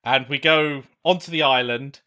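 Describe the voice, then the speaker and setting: Man, bright voice, reflective, laughs often, casual co-host chat. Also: medium pitch, moderate pace. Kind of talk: casual chat about game design.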